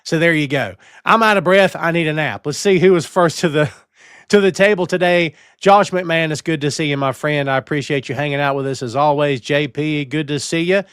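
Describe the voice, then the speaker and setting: A man's voice: on the high side, brisk, clear, resonant tone, dry recording, studio quality. A man hosting a live-streamed wrestling podcast, talking in a playful, theatrical way and greeting chat viewers. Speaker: podcast host.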